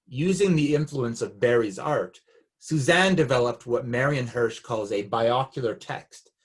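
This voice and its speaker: A man with a slightly husky voice of middling pitch gives an academic seminar talk. He reads from his paper in a calm, measured and reflective way. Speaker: academic speaker. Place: Canada.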